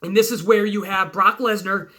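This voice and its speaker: A man hosting a wrestling show, telling his own booking of a match blow by blow, excitedly and with lots of swearing. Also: high voice, moderate pace. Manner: excited, swearing storyteller narrating moves blow by blow. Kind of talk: profane fantasy-booking play-by-play.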